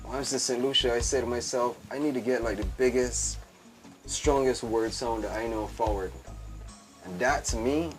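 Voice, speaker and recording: A man's voice: mid-range voice, moderate pace, faint music behind. A man, talking as a guest on a casual show, emphatic and repetitive, calling his host "B" over and over. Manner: emphatic, calls the host "B" again and again, repeats phrases. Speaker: guest fashion entrepreneur. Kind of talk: animated casual talk.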